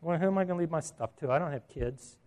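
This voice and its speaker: Chatty preacher man with a higher voice. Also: quick pace, a little mellow. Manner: conversational, asks the audience questions, chuckles at his own asides. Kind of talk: sermon.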